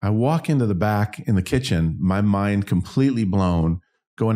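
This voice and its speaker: A man's voice: lowish voice, animated, moderate pace, warm tone. A man in his fifties, an interview guest, telling a personal story in a frank, self-deprecating way. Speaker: interview guest, singer-songwriter and business owner.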